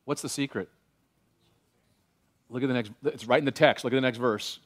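A man preaching a sermon as pastor, animated and varied, slowing down when he reads scripture aloud. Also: mid-range voice.

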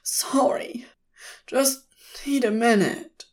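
A woman's voice: mid-range voice, lively intonation, slow. A woman voicing a frantic, heartbroken man who talks in a pleading, tearful way.

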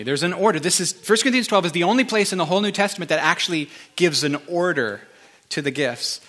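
Earnest, bright-voiced man preaching. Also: a little high. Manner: earnest, emotional, conversational preaching with restarts. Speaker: pastor. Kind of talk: sermon.

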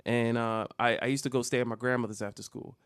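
A man from Jersey City telling a funny childhood story on a podcast, animated and laughing often. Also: medium pitch, fast talker, smooth, dry recording, studio quality. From Jersey City, New Jersey. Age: adult with child. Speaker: podcast co-host. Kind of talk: casual comedic storytelling. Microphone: studio mic.

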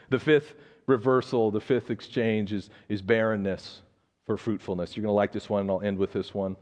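A man's voice: fairly low pitch, steady tone, normal speed, a little mellow, long reverb tail. A male pastor preaching a sermon in earnest, often repeating words as he builds his point. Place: church sanctuary.

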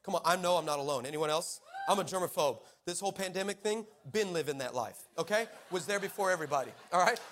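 A male preacher with a fairly high voice delivers a lively, comic story in church. He is playful and quick to tease his listeners, and his energy keeps rising and falling as he tells it. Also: a crowd in the background. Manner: animated, playful, teasing the congregation.

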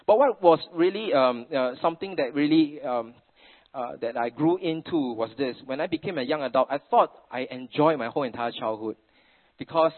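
A middle-aged man with a Singaporean English accent gives a sermon at a middle pitch, full of chatty family stories and Singlish particles. The sound is thin and tinny, as if it came down a phone line. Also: moderate pace. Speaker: preacher.

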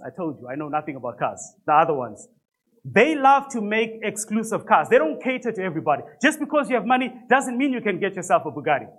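A pastor preaching a sermon to a church congregation, emphatic, with rhetorical questions and conversational, self-deprecating asides. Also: male voice, high voice, fairly bright tone.

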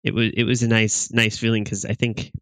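Man, low even voice, halting football chat, dry sound. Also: clear, resonant tone, dry recording. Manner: halting, restarts often, flat delivery. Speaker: podcast co-host. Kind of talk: casual sports chat.

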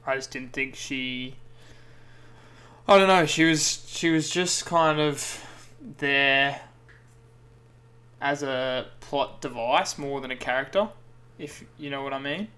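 A man's voice: medium pitch, takes it slowly, pauses often, sharp tone, smooth. A young Australian man on a film-review podcast, hesitant and hedging his opinions with fillers. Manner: hesitant, hedging, lots of "kind of". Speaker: podcast co-host. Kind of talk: casual film-review chat.

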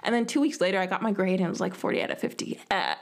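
A woman's voice: mid-range voice, expressive, racing, vocal fry. A young woman hosting a solo podcast, telling a rambling, self-mocking story and acting out quoted lines in a whisper. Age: young adult. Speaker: podcast host. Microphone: home podcast mic.

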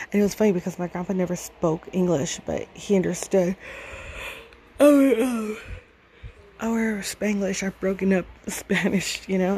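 A woman's voice: on the low side, vocal fry, warm tone, a little hiss or hum, poor audio. A woman in her thirties casually telling a fond family story, rambling with many fillers and frequent laughs. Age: 30s. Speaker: podcast storyteller.

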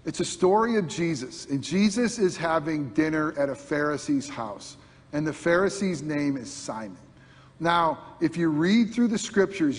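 A man preaching as a pastor, animated, acting out imagined voices and swinging from loud bursts to hushed lines. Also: fairly high pitch, moderate pace, breathy edge, big-room sound. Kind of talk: sermon.

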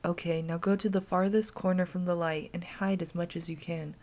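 A woman voicing the gentle ghost of a young girl, speaking softly and calmly to reassure. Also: fairly low pitch, fairly quick, lightly acted. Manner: soft, calm, reassuring.

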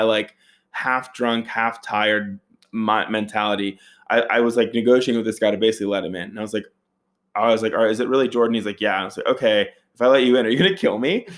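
With a mid-range voice, a man recounts a wild story to his friends. He's loose, foul-mouthed and animated, performing each quoted line with big leaps in his voice.

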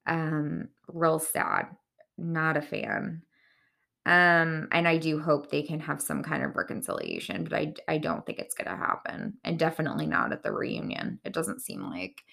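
A woman with a low voice that has a gravelly vocal-fry edge and a bright, forceful tone. She talks through her podcast in a casual, opinionated way, chatty and candid, and drops in plenty of fillers. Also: expressive, normal speed. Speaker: podcast host recapping reality TV.

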